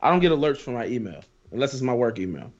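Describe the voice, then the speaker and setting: A man's voice: medium pitch, big pitch swings, fast talker. Male podcast host, blunt and emphatic, swears freely, slightly dull lo-fi sound. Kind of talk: casual chat. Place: at home.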